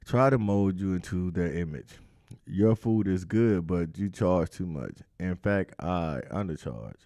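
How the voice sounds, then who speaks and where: A man's voice: low voice, expressive, measured pace, mellow. A man hosting a casual chat, talking in loose, repetitive street slang. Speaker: host.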